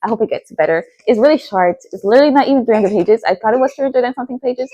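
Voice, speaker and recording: A woman's voice: on the high side, rapid-fire, warm tone, dry recording, dull audio. A young woman talking casually about books she has read, chatty, with lots of fillers like "like" and "you know". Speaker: book vlogger.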